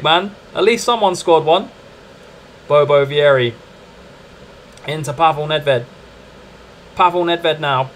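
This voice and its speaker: A young man streaming a football management game, commenting live in a chatty, excitable way and calling to his viewers as lads and mates. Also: medium pitch, moderate pace, long pauses, slight background noise. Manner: excitable, chatty, keeps addressing "lads" and "mate".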